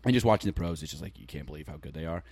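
A young man co-hosting a casual podcast, joking and laughing, sometimes breaking into loud chants. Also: a bass voice, lively intonation, very fast, creaky, slightly rough, dry recording. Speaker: podcast co-host. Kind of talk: casual chat.

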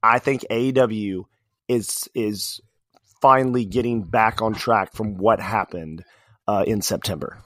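A man co-hosting a podcast, talking in a casual, animated way with many fillers and restarts. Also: lowish voice, measured pace, no room sound. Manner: animated, rambling wrestling fan talk with fillers. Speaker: podcast co-host. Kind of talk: casual chat.

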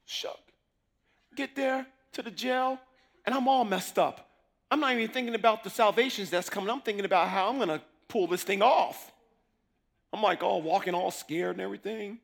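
A man preaching a sermon, telling his testimony in a slangy, animated way that swings from hushed asides to shouting. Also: high voice, normal speed, creaky.

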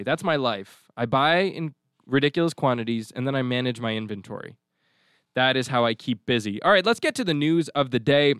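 A man's voice: medium pitch, fairly bright tone, clean tone, no room sound, clean studio sound. A man hosting a podcast, talking in a rambling, jokey, digressive way. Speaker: podcast host. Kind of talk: casual chat.

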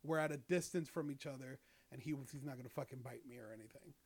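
A man's voice: medium pitch, quick pace, darkish tone, husky, voice pushed down. A man retelling as a pushy unhinged loner. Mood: brooding.

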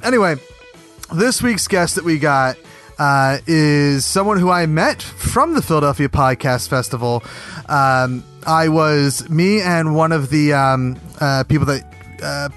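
A man's voice: fairly high pitch, a bit bright. A man hosting a casual podcast chat, rambling along with lots of fillers and restarts. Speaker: podcast host.

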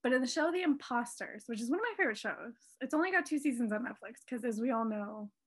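A woman's voice: on the high side, lively intonation, fast talker, breathy edge. A young adult woman co-hosting a casual podcast chat, rambling through tangents and filler words. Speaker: podcast co-host. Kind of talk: casual chat about musical theater.

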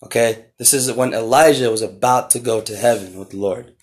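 A man preaching a podcast sermon, reading scripture slowly and with emphasis, then explaining it in a casual, repetitive way. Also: medium pitch, steady tone. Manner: repeats and restarts phrases, swells loud on key words.

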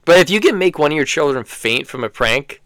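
Male podcast host, smooth clear voice, relaxed joker. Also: on the high side, fairly quick, no room sound. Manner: relaxed, joking banter. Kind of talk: casual chat.

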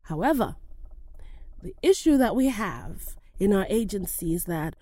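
A woman voicing a smooth-talking, condescending female talent agent who talks in a patronizing way. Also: medium pitch, big pitch swings, measured pace, mellow, no room sound. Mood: flattering. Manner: patronizing, sweet then blunt.

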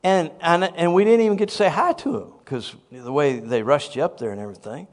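A man who pastors a church, telling a story in a sermon with animated, self-deprecating humor. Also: on the high side, fairly quick, long reverb tail.

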